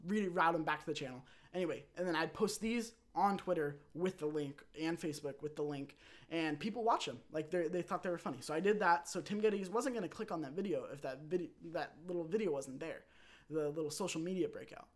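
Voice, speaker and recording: A young man hosting his own channel, telling a rambling personal story in a casual, animated way and acting out quotes. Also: a little high. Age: young adult. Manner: animated, rambling, with quick restarts and acted-out quotes. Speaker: channel host.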